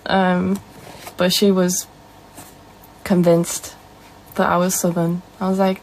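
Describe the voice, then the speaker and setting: A woman's voice: lowish voice, fairly even intonation, a little slow, darkish tone, a little hiss or hum, low-quality recording. A young woman with a Northern English accent, casually chatting on a live stream and answering viewer comments. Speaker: livestreamer.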